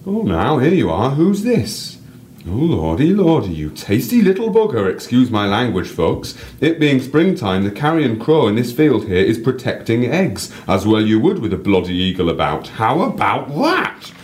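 A man reading aloud as a boisterous, sweary male bird-show guide with a Northern English accent, in booming showman patter. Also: huge pitch swings, normal speed, a little mellow. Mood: excited showman.

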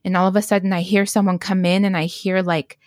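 A woman's voice: mid-range voice, flat delivery, quick pace, a little mellow, dry recording, clean studio sound. A woman in her thirties telling a dream story in casual chat, rambling with lots of "like" fillers. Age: 30s. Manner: rambling, many "like" fillers, acts out quotes.

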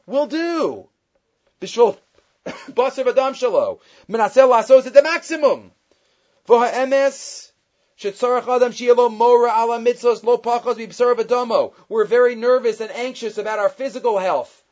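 A man's voice: extremely high pitch, muffled recording. A man giving a Torah class, retelling stories and weaving Hebrew quotations into his English. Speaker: Torah teacher.

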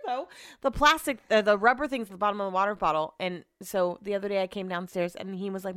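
A woman's voice: medium pitch, quick pace, bright, forceful tone, clear, resonant tone, dry recording. Woman vlogger, casual chat at home, sarcastic, swears a lot, dry close sound. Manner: chatty, sarcastic, swears freely. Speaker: vlog host.

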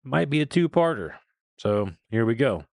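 A man hosting a podcast in a relaxed, agreeable way, introducing the next call. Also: medium pitch, normal speed, vocal fry, dry recording, clean studio sound. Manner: relaxed, agreeable, brief affirmations. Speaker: podcast host. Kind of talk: casual chat.

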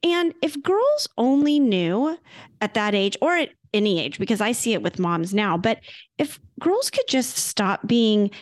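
A middle-aged woman co-hosting a podcast, chatting casually and telling stories with lively retellings. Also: on the high side, measured pace, no room sound, studio quality. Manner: chatty storyteller, animated retellings. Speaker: podcast co-host. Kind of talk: casual chat.

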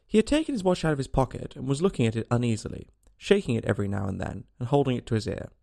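Guy narrating a storybook, gravelly, pitch all over the place, bit high. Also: big pitch swings, rapid-fire, warm tone. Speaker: reader.

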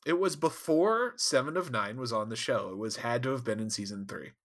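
Lively, bright-voiced man recapping an episode. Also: medium pitch, brisk. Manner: animated, laughing, profane recapping. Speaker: podcast co-host. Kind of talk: casual chat.

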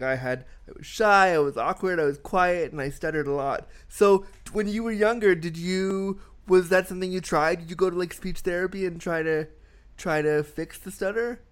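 A man's voice: on the high side, smooth. A man hosting a casual interview who talks frankly, swears freely and fills his speech with "like". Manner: frank and blunt, swears, fills with lots of likes.

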